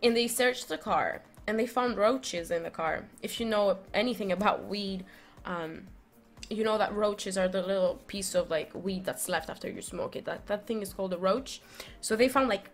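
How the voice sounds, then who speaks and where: A woman's voice: medium pitch, normal speed, faint music behind. Rambling young woman telling a story. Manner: rambling, animated, many fillers and restarts. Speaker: vlogger. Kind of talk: casual storytelling.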